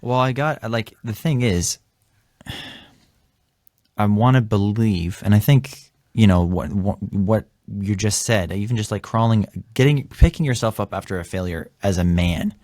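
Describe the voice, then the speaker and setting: A man's voice: fairly low pitch, a little slow, no echo, studio quality. A man from Canada, a podcast host, telling a story in casual chat and acting out the dialogue with energy. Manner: animated, acts out quoted dialogue.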